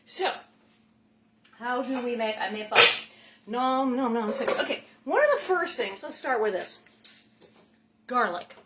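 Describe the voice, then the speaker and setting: Middle-aged woman, home-kitchen cooking host; chatty, playful, rambling, slightly high voice. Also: very animated, measured pace, pauses often, very noisy. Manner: chatty and playful, rambling asides, food noises. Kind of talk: casual cooking chat.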